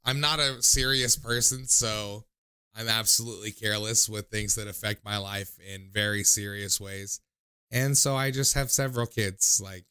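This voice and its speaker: A man's voice: lowish voice, sharp tone, clean tone. A young man hosting a call-in livestream, rambling and poking fun at himself in casual chat. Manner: rambling, self-mocking storyteller. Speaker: call-in show host.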